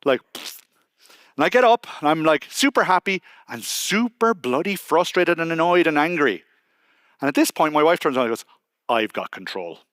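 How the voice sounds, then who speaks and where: This Irish man's voice sits fairly high and moves at a normal speed, recorded dry. Speaking from a conference stage, he shares a personal anecdote conversationally, dropping in lively quotes from others along the way.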